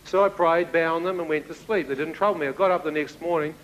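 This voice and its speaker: Animated New Zealand man preaching. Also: fairly high pitch, quick pace, poor audio. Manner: animated storyteller who acts out dialogue, with laughs. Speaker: preacher giving a testimony. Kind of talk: testimony sermon to a congregation.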